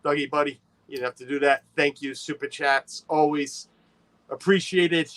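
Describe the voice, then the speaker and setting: A man's voice: fairly high pitch, steady tone, moderate pace, fairly bright tone. A man hosting a casual livestream, chatty and playful, greeting viewers by name and teasing his co-host.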